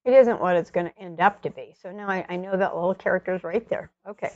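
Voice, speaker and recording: A woman's voice: lowish voice, quick pace, a little mellow, dry recording, muffled recording. A woman demonstrating an oil painting step by step, chatting and thinking aloud as she works. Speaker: painting instructor.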